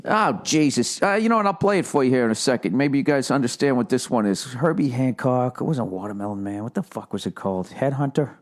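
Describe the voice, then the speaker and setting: A middle-aged man and comedian, ranting casually to his listeners with heavy profanity, animated and mocking. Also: medium pitch, fast talker, few pauses. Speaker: comedian and podcast host. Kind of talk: casual rant.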